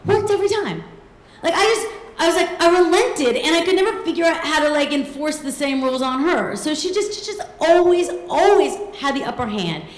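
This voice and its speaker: A woman's voice: high-pitched, animated, fairly quick, echoey room, rough recording. A woman in her thirties telling a true personal story on stage, comic and self-deprecating, acting out the voices of the people in it. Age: 30s.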